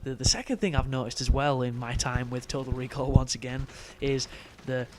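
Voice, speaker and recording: A man's voice: mid-range voice, a little fast, background noise. Young guy chatting over a game, swears a lot, rambles off topic, laughs a bunch. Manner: rambling, profane, laughs often. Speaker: gameplay commentator. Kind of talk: casual gameplay commentary.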